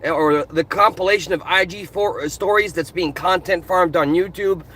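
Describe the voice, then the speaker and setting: Brief: male vlogger, high and bright, passionate car rant recorded on a phone. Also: moderate pace. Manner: passionate, animated. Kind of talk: casual ranting commentary. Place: in his car. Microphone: phone camera.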